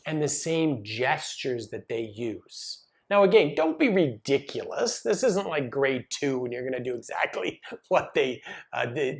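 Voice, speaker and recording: Casual, animated male coach. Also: on the high side. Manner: casual, animated, talks to the viewer directly. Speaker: massage business coach. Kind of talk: direct-to-camera teaching video.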